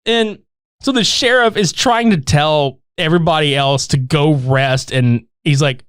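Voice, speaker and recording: A man tells a movie's story in loose, profane chat, his pitch bouncing high and low as he acts out the characters. His voice sits a little high for a man and sounds close and dry. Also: normal speed, clean tone, no echo. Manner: animated, swearing, acts out characters' lines. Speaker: movie recap podcaster.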